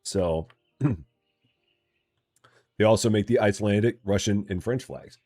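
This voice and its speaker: A man's voice: lowish voice, measured pace, warm tone, no room sound, studio quality, soft background music. A man casually commenting as he plays a store-building game on a live stream, chatting to viewers and joking to himself. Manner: chatty, talks to himself and chat, jokey mock voices. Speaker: streamer playing a store simulator.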